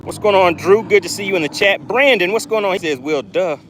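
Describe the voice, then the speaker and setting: A man hosting a live fishing stream from a boat, excitedly talking to his viewers and reading their chat aloud. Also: high-pitched, fast talker, slight background noise. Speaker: fishing channel host. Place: on a boat on open water. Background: jet skis and outdoor ambience.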